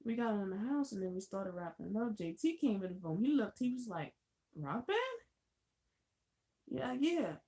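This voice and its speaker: A woman hosting a casual live stream, telling an anecdote. Her voice is soft and mellow at an ordinary pitch. She talks in a loose, chatty way and laughs easily. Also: expressive, moderate pace, long pauses. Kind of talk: casual storytelling.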